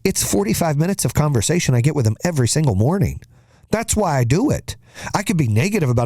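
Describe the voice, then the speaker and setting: A man's voice: on the high side, sing-song, very fast, a little mellow, no room sound, clean studio sound. A middle-aged man hosting a podcast, giving a blunt, profane, emphatic motivational monologue. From United States. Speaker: podcast host.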